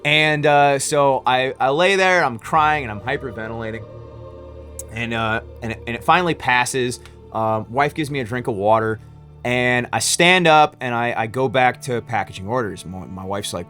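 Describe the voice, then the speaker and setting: A man's voice: medium pitch, normal speed, bright, forceful tone, soft background music. A man who runs a small business, telling a story in a casual vlog, rambling with many restarts and fillers.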